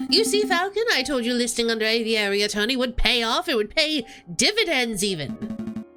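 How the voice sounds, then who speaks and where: This is a goofy, eager male sparrow assistant, as a woman puts him on. His lines jump about in pitch and rise high. Soft music runs under this game read-through. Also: very animated, moderate pace. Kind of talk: visual novel read-aloud.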